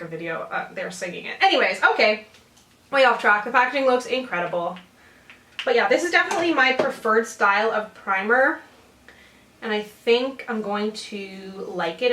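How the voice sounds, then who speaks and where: A woman's voice: mid-range voice, moderate pace, fairly bright tone. A young woman chatting casually about beauty products she bought, laughing often and drifting off topic. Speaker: beauty vlogger. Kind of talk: casual haul chat. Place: home room. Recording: roomy and distant home recording.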